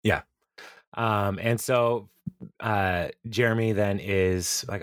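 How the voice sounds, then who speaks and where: A man's voice: fairly low pitch, fairly even intonation, slow pace, fairly bright tone, clear, resonant tone, no room sound, studio quality. A man hosting a podcast, casually recapping episodes, rambling and often laughing as he quotes characters. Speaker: podcast host.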